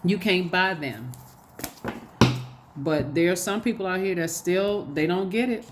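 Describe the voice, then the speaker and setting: Animated low-voiced woman tarot reader. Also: a little slow, background noise. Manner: animated, repetitive, preachy exhortations. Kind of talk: casual spoken tarot reading.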